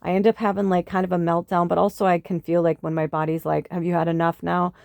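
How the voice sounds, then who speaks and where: A woman's voice: on the low side, level tone, quick pace, vocal fry, darkish tone, no room sound. Fired-up woman ranting on a podcast. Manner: impassioned, swearing, many fillers. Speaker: spiritual podcast host. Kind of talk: casual rambling monologue.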